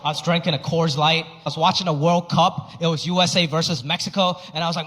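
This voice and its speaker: A man performing stand-up with a high voice that swings up and down lively, exasperated and animated as he builds each story. His voice is bright and ringing in a reverberant hall. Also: fast talker. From United States. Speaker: stand-up comedian. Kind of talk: stand-up routine. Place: comedy stage. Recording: echoey hall, faint noise.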